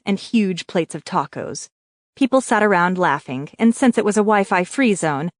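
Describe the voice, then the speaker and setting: A woman with a mid-range voice narrates an audiobook from a script, storytelling in a measured, even manner. The recording is studio quality, without echo.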